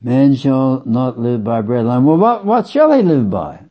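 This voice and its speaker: A man preaching a sermon slowly and with emphasis, repeating phrases for weight. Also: mid-range voice, sing-song. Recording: dull lo-fi sound.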